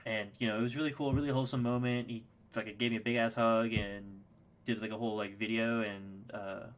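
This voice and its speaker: A young man with a low voice races through a personal story as a podcast guest. He is casual and excitable, swears freely, and trips over his own words with fillers and restarts. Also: brisk.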